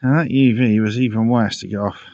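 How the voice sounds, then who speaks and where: A man's voice: on the low side, steady tone, a little fast, a little mellow, no room sound. A man casually talking through pond repairs outdoors, muttering to himself and out of breath, recorded on dull lo-fi audio. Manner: muttering, self-talking while working. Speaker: pond keeper vlogger. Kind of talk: casual DIY vlog commentary.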